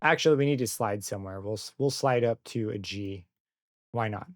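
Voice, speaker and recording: A young man walking through a software synth plugin in a casual tutorial, thinking aloud and correcting himself as he goes. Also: on the low side, fairly quick, no room sound. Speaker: plugin reviewer. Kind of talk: screen-recorded software tutorial. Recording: dry close mic with synth music under it.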